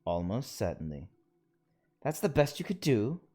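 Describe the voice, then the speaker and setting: Man doing a stern, anxious old woman professor with a lively delivery. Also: medium pitch, measured pace. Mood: insistent. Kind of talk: reading game dialogue aloud.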